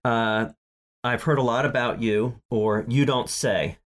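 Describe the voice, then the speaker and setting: A man's voice: medium pitch, steady tone, measured pace. A man co-hosting a casual chat, recapping a sitcom episode with many fillers, restarts and laughs. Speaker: podcast co-host.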